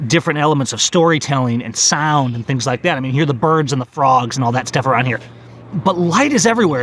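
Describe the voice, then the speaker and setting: A man in his forties vlogging outdoors in a park, talking excitedly about photography and often restarting his phrases. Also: fairly high pitch, a little hiss or hum. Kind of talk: casual outdoor vlog.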